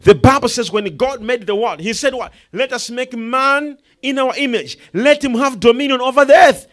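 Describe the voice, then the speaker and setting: A man preaching a sermon, swinging between hushed asides and loud emphatic declarations, acting out the people in his stories. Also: very high-pitched, normal speed. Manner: quotes and acts out characters in the story, laughing.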